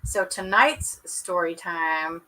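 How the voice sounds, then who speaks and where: A woman's voice: fairly low pitch, slow pace, sharp tone, rough recording. A woman chatting casually with viewers on a home livestream, laughing often and saying "y'all". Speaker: livestream host. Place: at home indoors. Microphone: computer webcam mic.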